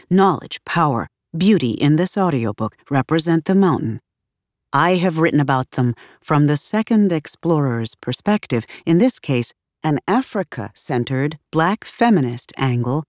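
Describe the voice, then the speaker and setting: A woman reading her own audiobook aloud in a measured, deliberate narration. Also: low-pitched, darkish tone, no room sound, clean studio sound.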